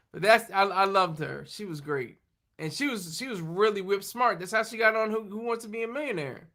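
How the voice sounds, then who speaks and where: High, bright-voiced man chatting casually. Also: moderate pace. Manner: rambling, laughing, self-deprecating; reads and answers viewer chat. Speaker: livestream host. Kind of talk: casual chat.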